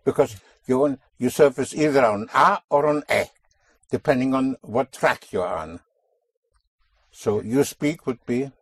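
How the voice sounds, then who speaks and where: A man teaching a spoken language lesson to a student, explaining slowly and deliberately and repeating key sounds. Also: mid-range voice, slightly rough, no room sound.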